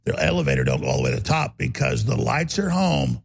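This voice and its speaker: Gravelly, bellowing talk radio host. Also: male voice, medium pitch, fast talker. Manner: bellowing, emphatic rant. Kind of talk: ranting talk radio monologue.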